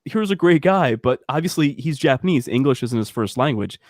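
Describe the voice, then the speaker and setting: A man's voice: medium pitch, lively intonation, fairly quick, dry recording. A man chatting on a casual talk show, telling stories with lots of restarts and asides. His voice is in a middle range and sounds dry and close. He is on a video call. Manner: chatty storyteller, many restarts. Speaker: guest. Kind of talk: casual chat.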